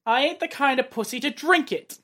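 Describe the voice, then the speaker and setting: A man's voice: extremely high pitch, brisk, sharp tone, voice pushed up. A man putting on a British accent to voice a scornful male gangster, delivering lines in a snappy, mocking way. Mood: tough. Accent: British, put on.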